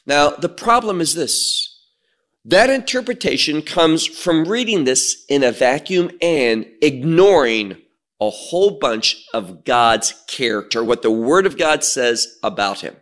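Guy preaching a bible study, slow and emphatic, voice rises and falls a lot, kinda high for a man. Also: expressive, fairly bright tone. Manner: slow, emphatic, reads scripture aloud with word study. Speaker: Bible teacher. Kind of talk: sermon.

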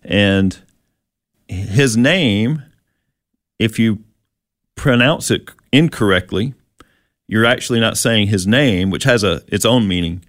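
Relaxed man teaching scripture. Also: on the low side, dry recording, studio quality. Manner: reads scripture slowly, relaxed and chatty. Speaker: co-host. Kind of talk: conversational Bible teaching.

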